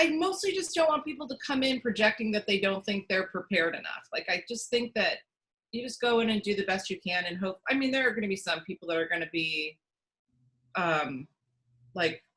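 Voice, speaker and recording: A woman's voice: mid-range voice, moderate pace, sharp tone, low-quality recording. A woman working as a casting director, answering interview questions in a chatty way with many restarts and fillers. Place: at home.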